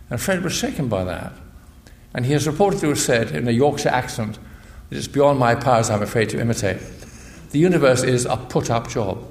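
An older man, a physicist and priest, giving a measured public lecture that explains things step by step. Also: mid-range voice. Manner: measured, explanatory, with frequent restarts. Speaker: guest speaker, physicist and priest. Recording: echoey lecture hall.

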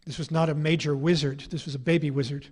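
Man, middle-aged, author's lecture, dry ironic anecdotes, slightly high voice. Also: steady tone, fast talker, a little mellow, breathy edge. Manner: wry, ironic storytelling. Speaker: author giving a talk.

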